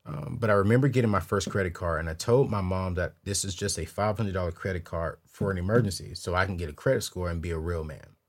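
A man hosting a money show, telling a casual story to camera in a slangy, animated way and repeating words when excited. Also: low-pitched, fast, few pauses. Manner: slangy, keeps it real with viewers. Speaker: host.

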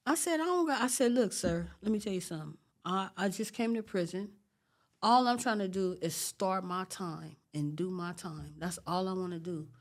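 A woman being interviewed, telling a long story in an animated, streetwise way and acting out what people said. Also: on the low side, moderate pace. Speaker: interview guest.

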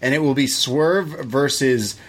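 A man's voice: medium pitch, measured pace. A man co-hosting a wrestling review podcast, chatting loosely, swearing and drifting into side rants. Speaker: podcast co-host. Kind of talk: casual wrestling review chat.

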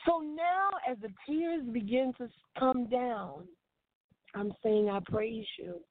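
A woman's voice: a little high, slow, no room sound. A woman preaching a devotional sermon in an earnest, repeating cadence. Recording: tinny phone-line sound, dry.

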